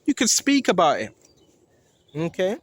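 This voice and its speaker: A man's voice: high-pitched, huge pitch swings, measured pace, slightly rough, no echo. A man preaching informally and earnestly, pressing each point with a repeated "right?".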